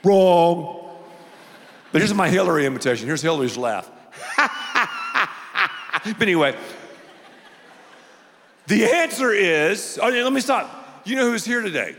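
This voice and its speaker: A man preaching a sermon to a large church crowd, playful and animated, drawing the audience into call-and-response. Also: high-pitched, normal speed, long pauses, in a large hall, slight background noise. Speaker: pastor.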